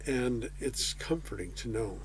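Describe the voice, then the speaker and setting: Male preacher, unhurried delivery, folksy and chatty, mid-pitch voice. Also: expressive, noisy background. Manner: folksy, with casual asides and slang. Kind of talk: conversational sermon.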